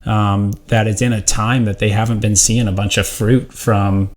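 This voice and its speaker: A man co-hosting a podcast, steady and reflective as he leads into a question. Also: lowish voice, moderate pace. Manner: reflective, steady, draws on scripture. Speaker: podcast co-host. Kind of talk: casual discussion.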